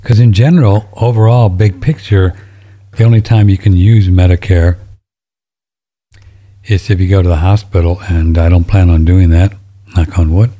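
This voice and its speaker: Low, dark-voiced rambling man. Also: steady tone, moderate pace, long pauses. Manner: rambling, folksy, easily moved to tears. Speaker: show host reading listener emails. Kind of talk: casual chat.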